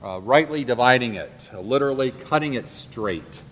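A man teaching a Bible class from notes, earnest and deliberate, repeating and slowing down on key points. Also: mid-range voice, lively intonation, fairly bright tone. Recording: long hall reverb, faint background noise.

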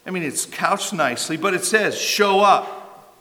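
An older man preaches in a bright, forceful voice that sits a bit high for a man. He talks to the congregation conversationally, leaning on emphasis and rhetorical questions. His voice rings out with a long reverb, as in a large sanctuary. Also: animated, fairly quick. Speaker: pastor. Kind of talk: sermon.

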